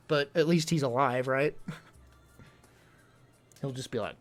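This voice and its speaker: Young guy streamer, mid-pitch, rambling frustrated rant, faint music underneath. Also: slow pace, pauses often. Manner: rambling, exasperated venting with many fillers. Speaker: livestreamer. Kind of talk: casual livestream chat.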